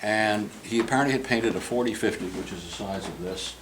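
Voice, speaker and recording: A man's voice: on the low side, a little fast, background noise. An older man, a portrait painter, telling a long, humorous and digressive anecdote to a group while giving a tour. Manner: humorous, digressive, acts out quoted voices. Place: club interior, in a room with a group.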